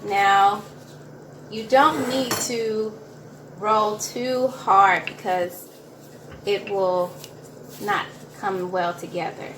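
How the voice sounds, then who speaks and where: A woman with a Southern accent talks through a home cooking lesson, unhurried and chatty, repeating herself to encourage the viewer. Her voice rings in an echoey kitchen, with a faint hiss of noise underneath. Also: medium pitch, steady tone. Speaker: cooking instructor. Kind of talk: casual cooking demonstration.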